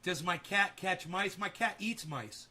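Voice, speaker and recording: A man's voice: high voice, measured pace, bright, forceful tone. A man telling rambling, profanity-laden stories in a casual home vlog. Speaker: vlogger. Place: home with garden and indoor grow.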